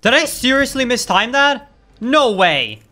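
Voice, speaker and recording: A high-pitched, bright young man talking over his own speedrun, excitable and quick to exclaim. His voice is sharp and forward, and faint game music plays underneath. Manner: excitable, exclaims often, says "dude" a lot. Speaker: speedrun streamer. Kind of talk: live gameplay commentary.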